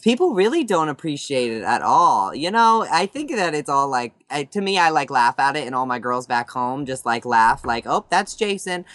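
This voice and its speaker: A man answering interview questions casually, sassy and animated, laughing easily. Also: medium pitch, moderate pace, few pauses, dry recording. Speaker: reality show contestant.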